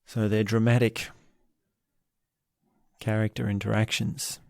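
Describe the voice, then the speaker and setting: Male podcast host, low-pitched, unhurried, reflective book commentary, dry close sound. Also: level tone, gravelly, a little mellow, no echo. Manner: slow, reflective, halting with restarts.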